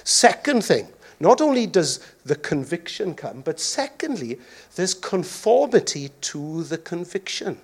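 Guy preaching, high voice that jumps all over, cracks jokes and does silly voices. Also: a little slow, breathy edge. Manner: jokey, animated, acts out voices. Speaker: pastor. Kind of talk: sermon.

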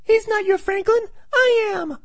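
A man voicing a frightened little boy who pleads for his mother. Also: measured pace. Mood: scared. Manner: high, pleading child voice.

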